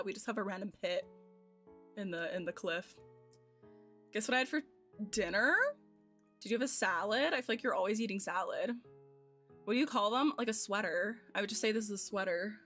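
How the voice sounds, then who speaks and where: An American woman in her twenties, a streamer chatting casually and giggling as she thinks aloud while playing a game. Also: medium pitch. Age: 20s. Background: soft game music.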